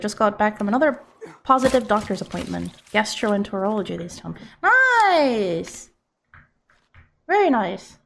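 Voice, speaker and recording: A woman's voice: on the high side, gravelly, a bit bright. A woman game streamer chatting casually as she plays, reading out and answering viewer messages. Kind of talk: casual live-stream chat while playing.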